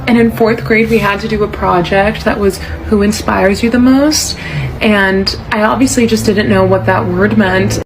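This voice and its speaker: Deadpan woman telling a story. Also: medium pitch, moderate pace. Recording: noisy background.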